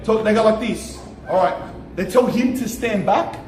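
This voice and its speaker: A young Australian man tells a story on a vlog outside a shop, animated and slangy, swearing and repeating himself. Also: high voice, moderate pace. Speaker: streamer. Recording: echoey with faint ambient noise.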